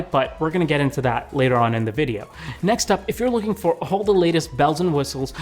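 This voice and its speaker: Upbeat young man comparing tablets. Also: a little high. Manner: upbeat, conversational, filler "like". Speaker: tech YouTuber. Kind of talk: product comparison video.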